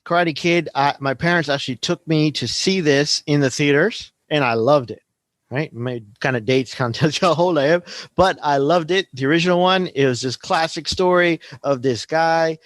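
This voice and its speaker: A man's voice: fairly high pitch, normal speed, no echo. A man in his forties hosting a podcast, talking casually and rambling through a story, often adding "right?". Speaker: podcast host. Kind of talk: casual teaching talk.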